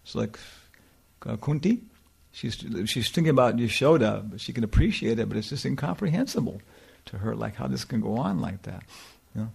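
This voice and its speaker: A man teaching scripture in a loose, rambling way, peppering everything with "you know" and little chuckles. His voice is gravelly with a husky, breathy texture, at a middling pitch. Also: expressive, fairly quick, darkish tone. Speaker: spiritual teacher. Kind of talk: informal scripture talk with Q&A.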